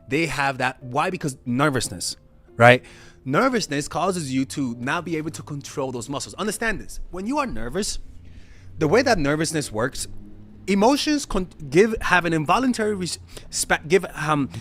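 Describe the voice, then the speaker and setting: A man's voice: a little high, a bit bright. A man talking as a dating coach in a loose, conversational monologue, restarting phrases and checking in with tag questions.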